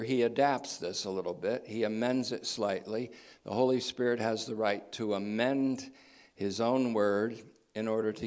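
Man, lowish voice, Bible teacher, deliberate, emphatic, repeats key phrases, verse-by-verse teaching.

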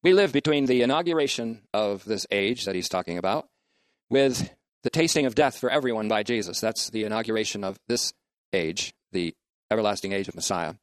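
A man's voice: fairly low pitch, no room sound. Methodical man teaching scripture, dry sound. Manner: methodical, spells out words letter by letter. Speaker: bible teacher. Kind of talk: scriptural lecture.

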